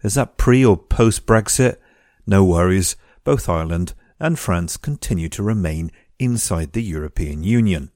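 A man's voice: low-pitched, animated, normal speed, a little mellow, dry recording, studio quality. A man hosting a podcast, introducing the episode and its guest with wry, joking asides. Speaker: podcast host.

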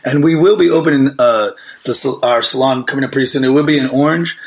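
Guy in his 30s cohosting a podcast, talks fast, jokey and rambly. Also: medium pitch. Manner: joking, rambling, fast-talking. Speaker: podcast co-host. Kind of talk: casual chat.

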